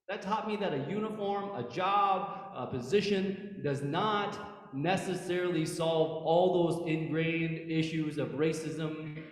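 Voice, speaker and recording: A man in his thirties, a prosecutor who used to be a police officer, tells animated stories to a church audience, repeating himself and tossing in rhetorical "right?" questions. His voice sits on the high side. The church hall is echoey, with long reverb.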